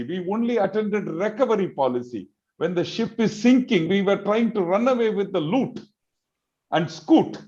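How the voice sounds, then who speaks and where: Man, high-pitched, heated and rhetorical, dull video-call audio. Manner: emphatic, rhetorical questions, drops to a hush. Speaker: business community representative. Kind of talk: impassioned panel discussion.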